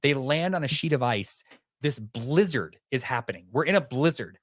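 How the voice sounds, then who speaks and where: A man telling a vivid story as a podcast guest, lively and animated. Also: medium pitch, normal speed. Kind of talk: storytelling in an interview.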